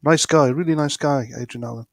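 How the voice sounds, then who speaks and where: A man's voice: fairly high pitch, a little fast, no room sound. A man chatting casually on a livestream, rambling with lots of fillers. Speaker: co-host guest. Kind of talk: casual live chat.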